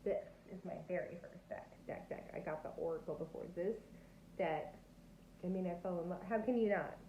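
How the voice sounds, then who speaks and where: A woman's voice: fairly low pitch, moderate pace, warm tone. A woman giving a casual tarot reading, bubbly, laughing often and acting out quoted reactions. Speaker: tarot reader. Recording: echoey, tinny phone-like sound with faint noise.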